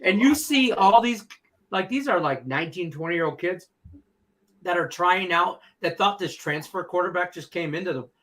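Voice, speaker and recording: A man's voice: high-pitched, moderate pace. A middle-aged man co-hosting a sports betting show, telling stories in casual chat and laughing often. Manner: animated storyteller, laughs often.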